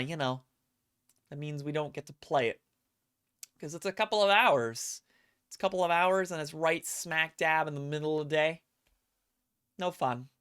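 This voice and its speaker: An adult live streamer with a mid-range, sharp, clean voice chats casually with viewers. They tell rambling stories, act out quotes, and poke fun at themselves.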